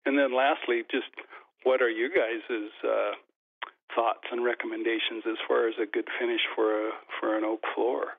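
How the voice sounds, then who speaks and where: A man's voice: medium pitch, flat delivery, normal speed, creaky. A man calling in to a radio show, asking his question hesitantly with many fillers and restarts over a phone line. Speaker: caller. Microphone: telephone.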